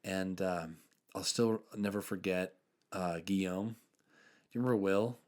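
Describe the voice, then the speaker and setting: A young man hosting a podcast, telling faith stories in earnest, casual chat with many fillers and soft trailing endings. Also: low voice, fairly even intonation, a little slow. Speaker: podcast host.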